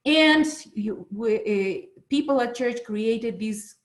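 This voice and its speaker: A middle-aged woman from Bolivia with a Bolivian Spanish accent, a teacher trainer telling personal stories in a lively way and acting out quotes. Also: a little high, slow pace, rough recording. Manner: animated, storytelling with acted quotes and repetitions. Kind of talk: storytelling talk at an online meeting.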